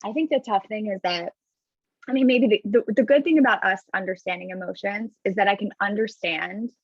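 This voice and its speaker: A woman therapist co-hosts a casual podcast, speaking candidly and reflectively and swearing now and then. Her voice has a gravelly fry to it. The remote recording is dry and a little dull and lo-fi. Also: medium pitch, brisk, dry recording. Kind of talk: casual chat. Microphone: remote call recording.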